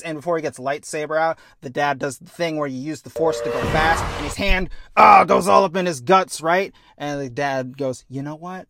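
A young man chatting casually, acting out a story pitch with quick voice changes and swearing. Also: fairly bright tone. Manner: acts out scenes with quick voice changes. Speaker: podcast co-host pitching a story. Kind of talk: animated storytelling chat.

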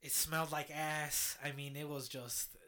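A man with a bright, somewhat high voice tells a story in relaxed conversation. He swears freely and laughs as he talks. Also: unhurried. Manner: swears freely, laughs while telling stories. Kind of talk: casual storytelling chat.

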